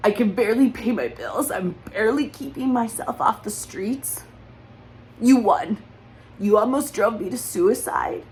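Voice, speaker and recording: A woman's voice: fairly high pitch, animated, normal speed, hardly any pauses, darkish tone, slight background noise, rough recording. A woman speaking in an emotional personal monologue, accusatory and repetitive, holding back tears. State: close to crying.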